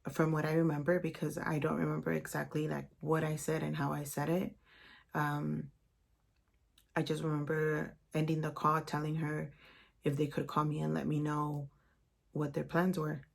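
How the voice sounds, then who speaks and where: A young woman recounts a painful memory to her vlog audience, her words halting and emotional, with many "like"s and "um"s. Her voice sits low and barely rises or falls, with a gravelly fry running through it. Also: completely flat delivery. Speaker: vlogger. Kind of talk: personal storytime vlog.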